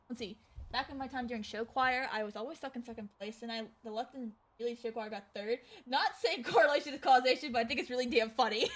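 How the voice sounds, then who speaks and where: A woman's voice: on the high side, bright, forceful tone. A young woman streamer telling a long, rambling anecdote in casual chat, full of fillers and the odd swear word. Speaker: VTuber streamer. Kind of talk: casual storytelling during a game stream.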